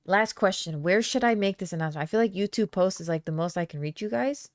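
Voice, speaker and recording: A woman hosting a podcast live stream, chatting casually with her viewers and reading their comments aloud. She talks in a loose, playful way, with fillers and quick laughs. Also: medium pitch, no echo. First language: Aramaic. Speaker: podcast host.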